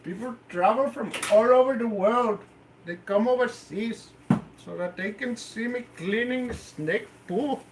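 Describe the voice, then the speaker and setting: A man's voice: extremely high pitch, unhurried. A man from Canada live-streaming from a room with his pet snakes, bantering playfully with his chat in a casual, joking way. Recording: roomy, echoey room with faint noise.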